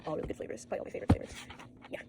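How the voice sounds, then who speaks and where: Talking rapid-fire over very noisy audio, a teenage girl vlogs from home after an all-nighter. She's tired, swears, and rambles from subject to subject in this late-night vlog.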